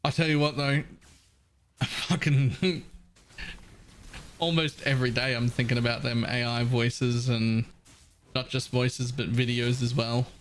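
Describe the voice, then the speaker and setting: A man's voice: mid-range voice, fairly even intonation, measured pace, long pauses, a little hiss or hum. Blunt, casual man streaming a game. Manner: blunt, casual, swears freely. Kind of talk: casual gameplay commentary.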